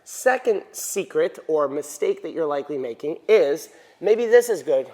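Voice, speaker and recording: A man's voice: a little high, expressive, moderate pace, few pauses, a little mellow. A male dance teacher giving an instructional lesson, counting beats aloud and checking in with frequent "right?". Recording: echoey hall reverb.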